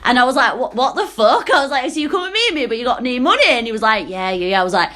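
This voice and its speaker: A woman's voice: fairly high pitch, expressive, very fast, a bit bright. A young woman with a broad Yorkshire accent, telling a story on a casual podcast, swearing often and laughing as she goes. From Selby, Yorkshire, England. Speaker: podcast co-host.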